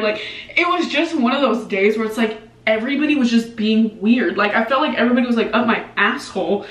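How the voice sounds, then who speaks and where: A young woman telling a story in a casual vlog, animated and swearing freely, with lots of "like" fillers. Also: on the high side, a little fast. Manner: animated, profane, lots of "like" and reenacted dialogue. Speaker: vlogger. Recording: echoey room, mic at a distance.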